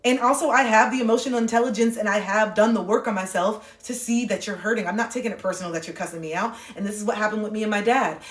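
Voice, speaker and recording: Earnest woman host talking candidly into a phone, mid pitch, echoey room. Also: fast talker, hardly any pauses. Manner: earnest, heartfelt, swears casually. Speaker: livestream host. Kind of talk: candid livestream monologue.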